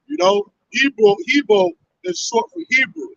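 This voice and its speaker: A man's voice: very high-pitched, sing-song, moderate pace, gravelly, a little hiss or hum. A man reading and explaining scripture in a conversational way, often checking in with "you know?" and "right?". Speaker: scripture reader. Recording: dry, dull lo-fi recording.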